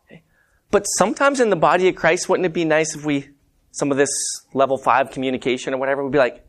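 A man's voice: on the high side, quick pace. A man preaching a conversational sermon, telling stories and calling the congregation "guys". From Montana. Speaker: preacher and math teacher.

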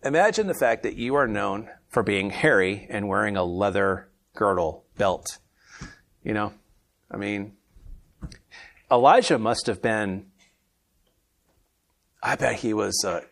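A man leads a casual Bible study, his voice sitting slightly low. He reads the scripture passages aloud with lifted energy, then slips into relaxed, chatty commentary between verses. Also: a little slow, vocal fry, long pauses. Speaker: Bible teacher.

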